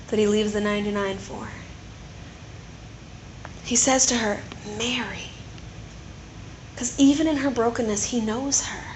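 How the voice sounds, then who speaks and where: A woman preaches in a chatty, animated way, often checking in with her listeners through quick tag questions. Her voice sits high. It rings in the echo of a large room. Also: slight background noise. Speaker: speaker at a women's gathering. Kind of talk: conversational sermon. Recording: roomy echo.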